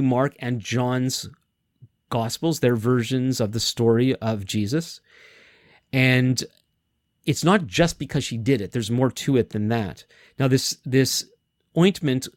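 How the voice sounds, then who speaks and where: A man delivering a conversational sermon with thoughtful pauses and frequent restarts. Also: mid-range voice, darkish tone, no room sound, clean studio sound. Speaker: pastor.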